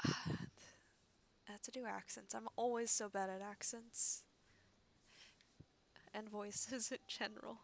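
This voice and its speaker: A woman's voice: medium pitch, fairly even intonation, takes it slowly, creaky, pauses often, a little mellow. A woman streamer talking casually while playing a game, hesitant and full of fillers. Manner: hesitant, chatty, many fillers.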